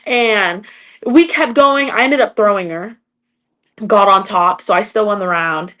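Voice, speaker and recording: A woman's voice: medium pitch, unhurried, pushed and bright. A young adult woman, an MMA fighter, chatting as a podcast guest and telling stories, with lots of "like" fillers. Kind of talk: casual interview storytelling.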